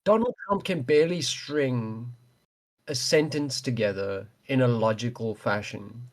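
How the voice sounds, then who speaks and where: A man's voice: mid-range voice, a little slow. A man co-hosting a casual podcast, sarcastic and swearing. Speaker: podcast co-host. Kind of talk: casual chat.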